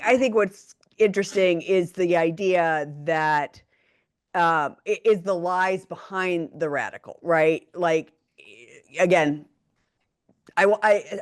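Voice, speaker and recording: A middle-aged woman co-hosting a podcast, speaking emphatically and laughing easily in casual political talk. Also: lowish voice. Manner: animated, emphatic, quick to laugh. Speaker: podcast co-host.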